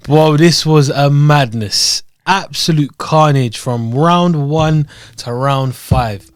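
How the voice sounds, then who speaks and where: A young man co-hosting a podcast, chatting casually and explaining fight results in an animated way. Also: a little high, extremely slow, no echo, studio quality. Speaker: podcast co-host. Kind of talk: casual chat.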